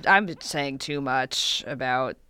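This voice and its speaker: A woman's voice: a bass voice, takes it slowly, sharp tone, clean tone, dry recording. A woman co-hosting a podcast in casual chat, giggly and chatty with lots of fillers. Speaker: podcast co-host.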